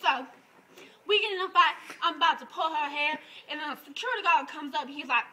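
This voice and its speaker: A man's voice: very high-pitched, brisk, slight background noise, heavily acted, low-quality recording. A man doing a brash, crude young woman. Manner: loud, crude, laughing while talking. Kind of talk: improvised comic monologue.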